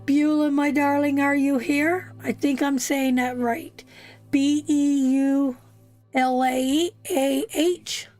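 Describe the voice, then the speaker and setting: A woman's voice: high-pitched, steady tone, takes it slowly, darkish tone, soft background music. A woman from Canada giving an emotional live tarot reading, talking straight to her viewers in a heartfelt way. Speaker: tarot reader hosting a live stream.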